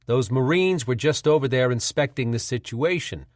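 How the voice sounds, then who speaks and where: A man voicing a scheming middle-aged senator with a smooth New England accent and a patronizing manner. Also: medium pitch, moderate pace, no echo, clean studio sound, close to an everyday voice. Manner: smooth, patronizing, slyly mocking.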